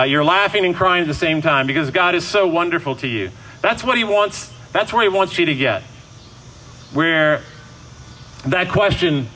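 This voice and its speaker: A man's voice: on the high side, bright, forceful tone, low-quality recording. A man preaching a sermon in a casual, conversational way, acting out the quoted lines as he goes.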